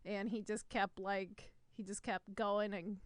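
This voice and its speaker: A woman's voice: mid-range voice, level tone, a little slow, no echo. A woman co-hosting a gaming podcast, chatting casually with lots of fillers and swearing. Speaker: podcast co-host.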